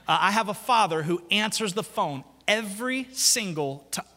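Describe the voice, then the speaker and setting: A man preaching a sermon, his voice high and ringing. He tells stories and acts out the quotes with lively energy. The sound carries a long reverb from a large church hall. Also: normal speed. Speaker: pastor.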